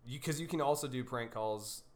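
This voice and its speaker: A woman's voice: rumbling low, a little fast, over a noisy crowd. A woman co-hosting a podcast in casual chat, telling blunt, swearing stories. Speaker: podcast co-host.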